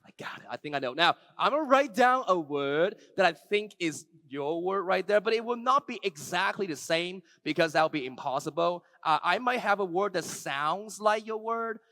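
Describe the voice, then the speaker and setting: This is a man with a high voice presenting a keynote live, doing a magic trick alongside a volunteer for an audience. He alternates between soft, slow moments and loud, excited calls, and the recording is dry.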